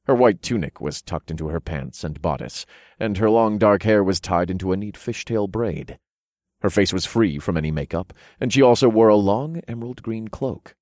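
A man narrating first-person fiction in a low, steady storytelling voice, close to the mic. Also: normal speed, no echo. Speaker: audiobook narrator.

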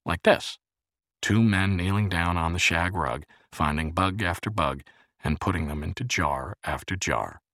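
A man reading a novel aloud as audiobook narration, measured and expressive. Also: low voice, no echo, studio quality.

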